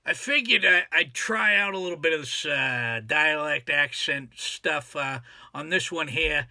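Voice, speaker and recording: A man's voice: on the high side, unhurried, vocal fry, sharp tone, dry recording, exaggerated voice. A man voicing a brash, rambling Boston guy with a thick Boston accent and lots of filler words, recapping a lesson as a comic character. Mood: chatty. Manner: rambling, filler-heavy, chummy.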